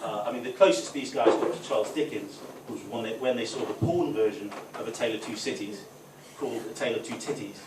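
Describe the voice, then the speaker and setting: A man's voice: fairly low pitch, fast. Male stand-up comic, storytelling set, distant mic in an echoey, noisy club room. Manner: storytelling with frequent "right?" tags. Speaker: stand-up comedian. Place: football club function room with a live audience.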